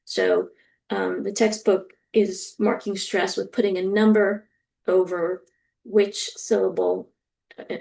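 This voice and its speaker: A woman lecturer explaining a topic step by step, often pausing with ums and acting out example sentences. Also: lowish voice, vocal fry, darkish tone. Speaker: university lecturer. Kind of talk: recorded lecture.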